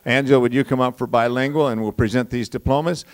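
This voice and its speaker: A man's voice: steady tone, fast talker, clear, resonant tone. A man emceeing a graduation ceremony, calling up graduates and rallying the crowd. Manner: booming, rallies the crowd.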